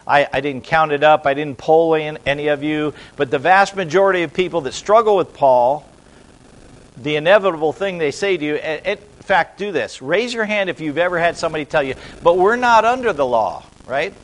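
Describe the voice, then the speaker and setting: A middle-aged man preaching a sermon, telling a lively story and asking the congregation questions in a church. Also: a little high, a little fast. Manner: animated storytelling, talks to the congregation.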